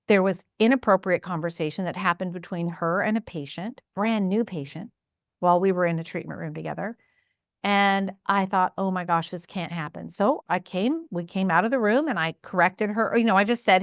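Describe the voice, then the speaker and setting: A woman's voice: medium pitch, moderate pace, no room sound, clean studio sound. A woman business coach telling stories and giving advice in a casual way, acting out her own thoughts and what others said. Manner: animated, acts out her own inner voice and quotes.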